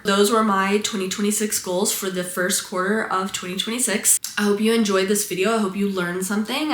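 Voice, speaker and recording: A woman's voice: medium pitch, a bit bright, reverberant. A young woman who is congested and losing her voice talks casually to camera as a content creator, chatty and self-deprecating. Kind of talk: casual vlog talk to camera.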